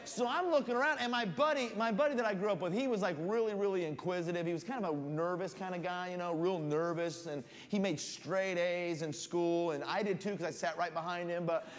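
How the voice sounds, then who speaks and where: A male guest preacher tells a comic story from the pulpit, animated and full of suspense. His voice sits high, and a long church reverb trails every phrase. A faint hum of room noise stays under him. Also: fairly quick, few pauses. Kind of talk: humorous storytelling sermon. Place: church sanctuary.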